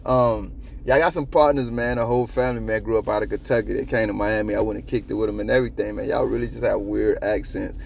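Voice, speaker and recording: A man hosting a copwatch channel, giving casual commentary in a profane, animated, rambling way. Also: fairly low pitch, fast talker, gravelly, slight background noise. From South Florida.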